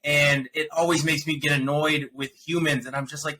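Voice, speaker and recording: A man's voice: fairly high pitch, moderate pace, low-quality recording. A man hosting a podcast, chatting casually and ranting animatedly about films and shows he watched. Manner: animated, ranting, laughs often. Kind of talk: casual review chat.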